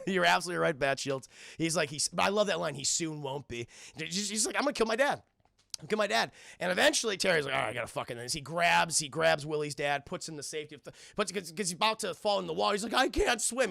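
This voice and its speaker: A young man casually recapping a cartoon episode for a live stream chat, excitable, laughing often and tripping over his words. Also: a little high, vocal fry, no room sound, studio quality.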